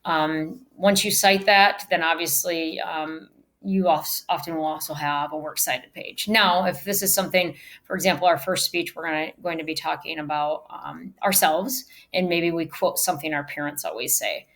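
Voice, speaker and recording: With a deep, fairly bright voice at normal speed, a woman who teaches speech presents a recorded online lecture on public speaking. Her delivery is emphatic, changing style to model the right way to say things.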